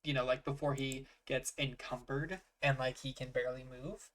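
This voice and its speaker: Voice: mid-range voice, steady tone, moderate pace, a bit bright. A game master narrating a tabletop game in a casual, filler-heavy way, working out rules aloud.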